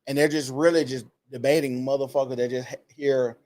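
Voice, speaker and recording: A man's voice: medium pitch, fairly even intonation, brisk, darkish tone. A man co-hosting a podcast, laid-back and opinionated. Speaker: podcast co-host. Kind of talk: casual commentary chat.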